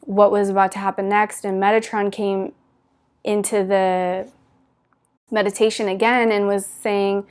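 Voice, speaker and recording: A woman's voice: mid-range voice, little pitch movement, measured pace, smooth. Earnest woman telling a spiritual story. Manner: earnest, gushing storytelling with many "like" fillers. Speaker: spiritual teacher. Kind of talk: spiritual talk to viewers.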